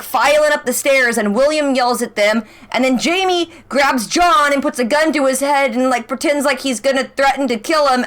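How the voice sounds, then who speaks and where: A young woman chatting casually as she recaps a TV episode. She is excitable, full of "like" and rhetorical questions. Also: sits high. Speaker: reaction channel host.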